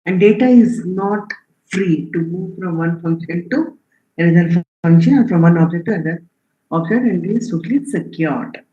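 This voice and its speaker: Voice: medium pitch, normal speed, mellow. A programming instructor giving a live online lecture, quizzing students, reading out their answers and checking in often with "okay?" and "right?". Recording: roomy, dull lo-fi stream audio.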